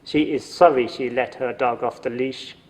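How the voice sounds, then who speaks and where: A man's voice: medium pitch, fairly even intonation, normal speed, long reverb tail. A man narrating a story from a script in a dry, wry manner.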